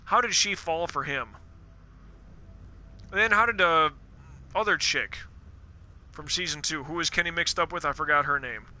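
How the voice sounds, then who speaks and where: A man streaming a game live, rambling in casual, profane, animated rants about the story's characters. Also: on the high side, moderate pace, pauses often.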